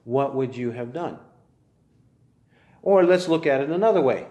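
A man preaching a sermon, building his points through earnest, measured rhetorical questions. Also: mid-range voice, lively intonation, dark tone, reverberant.

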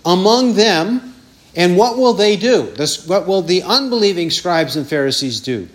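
A man's voice: high voice, animated, normal speed. A man preaching a sermon with emphasis, repeating phrases and mimicking taunting voices.

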